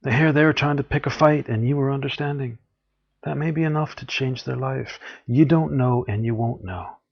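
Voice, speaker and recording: A man's voice: mid-range voice, moderate pace, vocal fry, breathy edge, highs cut off. A man giving an earnest, encouraging spiritual talk, often acting out what people say. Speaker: spiritual teacher.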